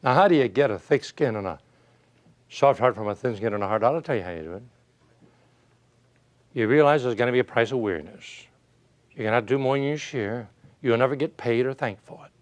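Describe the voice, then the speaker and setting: A man's voice: mid-range voice, animated, a little fast, pauses often. A man giving a folksy motivational speech, full of rhetorical questions and stories. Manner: emphatic, rhetorical questions, storytelling. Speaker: motivational speaker.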